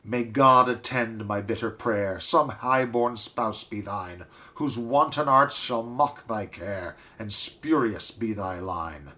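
A desperate, wronged young woman cries out in anguish, her voice lifted high and pleading, as a man reading a ballad puts her on. The lines come slowly and dramatically in a storybook reading. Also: a bit bright. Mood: cursing. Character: ruined young woman, desperate and grief-stricken.

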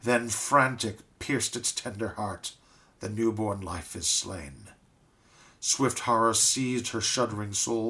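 A man reciting a tragic ballad in a solemn, measured, dramatic style. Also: fairly low pitch, steady tone, fairly bright tone. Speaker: reader.

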